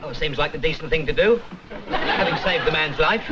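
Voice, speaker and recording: A man's voice: fairly high pitch, fairly quick, close to an everyday voice. A man playing an easygoing pub landlord. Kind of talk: 1960s sitcom acting. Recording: dull old TV soundtrack with hiss.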